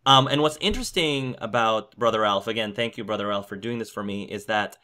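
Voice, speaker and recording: A man's voice: fairly low pitch, fairly quick, sharp tone. A man hosting a casual podcast discussion of a video game, steering the talk and asking his co-hosts questions. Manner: leads the conversation, thoughtful. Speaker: podcast host.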